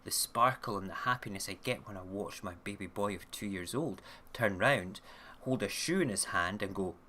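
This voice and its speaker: A man's voice: lowish voice, normal speed, sharp tone, slight background noise. A man hosting an online radio show, rambling casually through news stories and often checking in with "okay?". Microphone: camera mic, recording himself on video.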